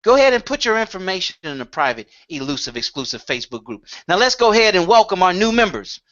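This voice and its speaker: Bright-voiced male co-host, lo-fi call. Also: sits high, sing-song, fast. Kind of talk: casual live call-in chat. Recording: dull lo-fi online call audio.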